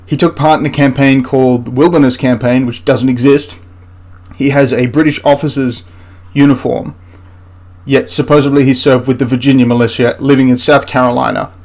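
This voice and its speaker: A man's voice: mid-range voice, flat delivery, brisk, darkish tone. Exasperated rambling male history critic. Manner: exasperated, rambling with frequent restarts. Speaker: history channel host. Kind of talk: ranting film critique.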